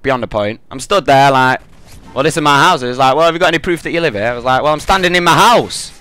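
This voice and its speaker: A man's voice: medium pitch, quick pace, pushed and bright. A young British man in a gaming commentary rant, telling an angry, profane story.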